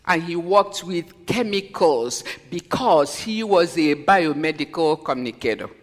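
A woman giving a personal testimony as a sermon, telling her story earnestly and then preaching with slow, stressed scripture quotes. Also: lowish voice, animated. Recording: long reverb of a large hall.

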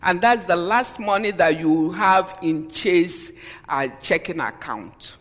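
A woman's voice: fairly low pitch, expressive, takes it slowly, fairly bright tone, in a large hall. A woman preaching a sermon and telling a personal story with strong feeling, often repeating "you know" and breaking off to start her sentences again. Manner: emotional, repeats "you know", stops and restarts lines.

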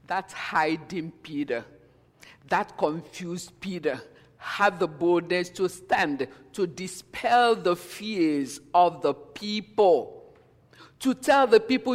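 A man preaching a sermon as pastor, storytelling that swings between hushed and emphatic. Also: sits high, expressive, takes it slowly. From Nigeria. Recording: long hall reverb.

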